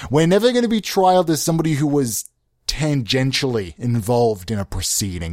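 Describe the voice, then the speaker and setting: Comedy podcast host, male, mock-grandiose deadpan, bouncy intonation, dry close mic. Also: no echo. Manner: mock-pompous, lurching between mumbled lows and loud outbursts.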